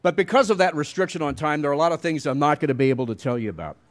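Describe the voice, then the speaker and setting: A man's voice: on the high side, expressive, rapid-fire. A middle-aged man giving a commencement speech, telling wry, self-deprecating stories at a podium mic. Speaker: commencement speaker.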